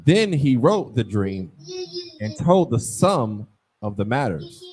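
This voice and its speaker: Man reading scripture slowly. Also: medium pitch, sing-song, darkish tone. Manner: slow, measured reading. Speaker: scripture reader.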